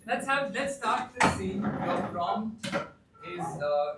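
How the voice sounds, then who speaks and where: Offhand improv host in an echoey hall. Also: male voice, high voice, expressive, slow. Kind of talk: announcing scenes and prompts. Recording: very echoey hall from far off, noise.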